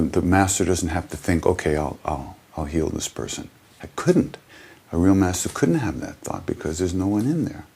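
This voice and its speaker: A man with a very low, gravelly voice tells spiritual stories in an interview. He talks earnestly and haltingly, often restarting his sentences. His voice has a husky grain. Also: darkish tone. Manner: earnest storyteller. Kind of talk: reflective interview storytelling. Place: small hotel.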